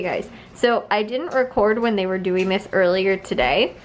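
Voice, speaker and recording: A woman's voice: medium pitch, moderate pace, hardly any pauses, a little hiss or hum. A young woman chatting casually to her camera at home, laughing often and filling her talk with "like" and "um". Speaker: vlogger. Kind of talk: casual vlog chat. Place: home, indoors. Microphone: handheld camera.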